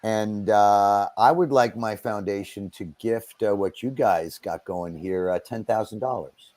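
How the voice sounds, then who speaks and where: A middle-aged man, a voice actor, talking as a guest on a radio show in a relaxed, self-deprecating way, with halting fillers. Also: lowish voice, no echo. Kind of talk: radio interview. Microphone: studio mic.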